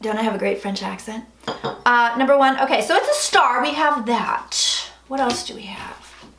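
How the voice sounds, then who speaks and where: A woman's voice: a little high, expressive, moderate pace, fairly bright tone. A young woman hosting a casual tarot livestream, chatty and frank, swearing and reading viewer comments aloud. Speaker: psychic livestream host. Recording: echoey room, faint noise.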